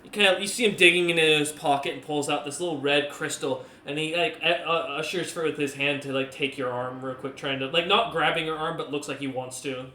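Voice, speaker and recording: Bright-voiced man narrating a tabletop game. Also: on the high side, fairly even intonation, brisk, few pauses, reverberant, a little hiss or hum. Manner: rambling, many fillers and self-corrections. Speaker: game master.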